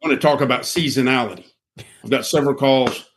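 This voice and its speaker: A man talking about markets as a podcast guest, folksy and blunt, telling stories in an animated way. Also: mid-range voice, quick pace. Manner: animated storyteller who acts out quoted voices. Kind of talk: casual podcast conversation.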